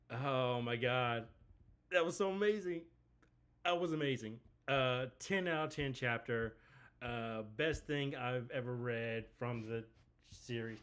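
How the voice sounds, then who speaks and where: A man's voice: medium pitch, a bit bright, smooth. A man hosting a live reaction video, talking casually and rambling with lots of fillers. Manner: easygoing, rambling with many fillers.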